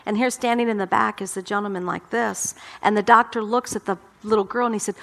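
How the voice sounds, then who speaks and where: A woman's voice: medium pitch, fairly even intonation, quick pace, hardly any pauses. A middle-aged woman pastor delivering a sermon, emphatic and impassioned, often repeating her words.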